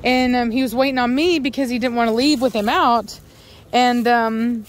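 A woman's voice: fairly high pitch, fairly even intonation, normal speed. A woman, a dog breeder talking casually outdoors while she watches her dogs and fills her speech with ums and likes. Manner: chatty, lots of fillers, voices her dogs' thoughts. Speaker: dog breeder and channel host. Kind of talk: casual outdoor vlog narration.

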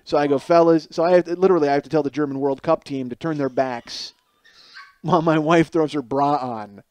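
A man in his forties, hosting a podcast, telling a comic story in a rambling, animated way with many restarts and acted-out quotes. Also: fairly high pitch, brisk, dry recording. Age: 40s. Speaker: podcast host. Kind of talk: comedic storytelling monologue. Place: home kitchen.

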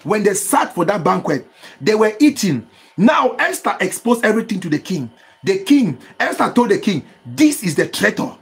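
A man's voice: high voice, very animated, normal speed, creaky, husky. A male pastor preaching with fervor, calling for responses from listeners and breaking into bursts of tongues. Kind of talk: impassioned sermon with speaking in tongues.

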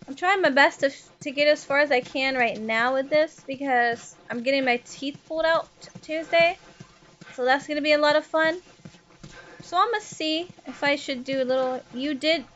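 High-voiced profane woman streamer. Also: a bit bright, lo-fi sound. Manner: chatty, profane, greets chat by name. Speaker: livestreamer. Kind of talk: casual live-stream chat while gaming.

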